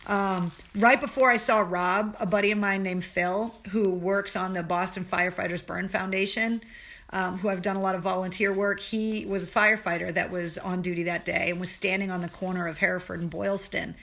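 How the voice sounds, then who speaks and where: A woman's voice: lowish voice, steady tone, normal speed, gravelly, fairly bright tone. A woman hosting a casual livestream for her viewers, talking earnestly and emotionally, swearing freely and restarting her sentences as she goes. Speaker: livestream show host.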